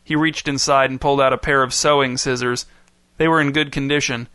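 Bright, dry male storyteller. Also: medium pitch, steady tone, fairly quick, clean tone, no room sound. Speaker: audiobook narrator. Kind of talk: scripted narration.

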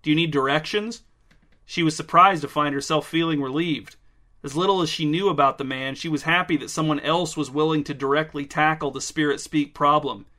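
A man narrating a story in a dry, deadpan way. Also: fairly high pitch, brisk.

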